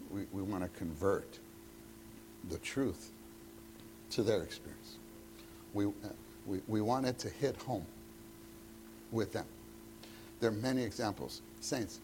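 A man's voice: on the low side, noisy background. A man leading a church teacher-training meeting, talking conversationally and acting out bits of dialogue. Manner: conversational, acts out quoted dialogue.

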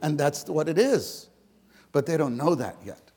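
A man giving an informal sermon to fellow believers, conversational and repetitive, swinging between loud emphasis and hushed, near-whispered words. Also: fairly high pitch, big pitch swings, unhurried, slightly rough. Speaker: church speaker.

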